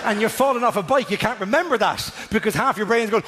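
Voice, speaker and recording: A middle-aged man doing stand-up comedy in a big theatre, animated and breaking into sudden shouts. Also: sits high, quick pace, few pauses. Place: large theatre stage. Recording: reverberant theatre, audience noise.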